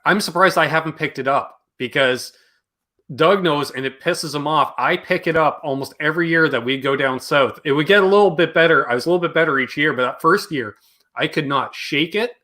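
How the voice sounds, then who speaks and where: Bright-voiced joking livestream host. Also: male voice, on the high side, a little fast. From Canada. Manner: jokey, greets chat viewers by name. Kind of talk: casual livestream chat.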